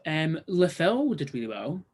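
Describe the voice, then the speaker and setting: High, bouncy young man. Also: sing-song. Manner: bubbly, quick to laugh, full of fillers. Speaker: host. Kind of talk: casual review chat.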